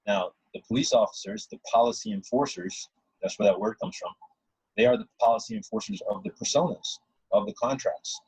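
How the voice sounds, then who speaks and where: A man's voice: medium pitch, wildly swooping pitch, brisk, vocal fry, darkish tone, husky, no echo, low-quality recording. A man earnestly telling a personal story in a casual, rambling way, often restarting his sentences.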